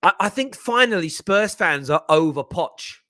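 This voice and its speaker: A man hosting a live football reaction stream, talking in an animated, jokey way and reading out viewer comments. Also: sits high, moderate pace, dry recording. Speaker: football channel host.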